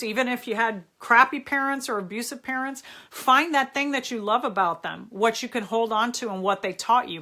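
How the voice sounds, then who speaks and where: A middle-aged woman hosts a live video stream, talking in a bright, fairly high voice. She gives earnest, encouraging advice in a casual way and stops now and then to greet her viewers. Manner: earnest and encouraging, chats with viewers between points. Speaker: host answering viewer questions on a live stream.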